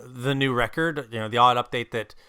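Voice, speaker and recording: A man hosting a music podcast, asking questions in a relaxed, conversational way. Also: mid-range voice, brisk, clean tone. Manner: relaxed, brief affirmations. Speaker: podcast host. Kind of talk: casual interview.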